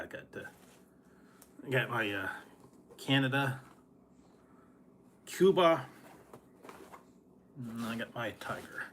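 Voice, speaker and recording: A man's voice: mid-range voice, pushed and bright, slight background noise. A man hosting a casual food review vlog, rambling and chuckling often.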